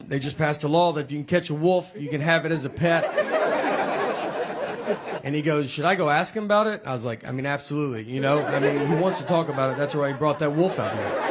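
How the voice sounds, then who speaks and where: A man with a Southern accent doing a stand-up routine, telling rambling deadpan stories full of "like". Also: fairly high pitch. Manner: deadpan, rambling storytelling with many "like"s. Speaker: stand-up comedian. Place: comedy stage with live audience. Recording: live show with crowd laughter and noise.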